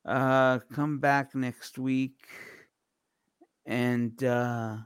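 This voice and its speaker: A man co-hosting a casual podcast, talking with many fillers and pauses. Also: mid-range voice, flat delivery, smooth, dry recording, clean studio sound. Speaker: podcast co-host.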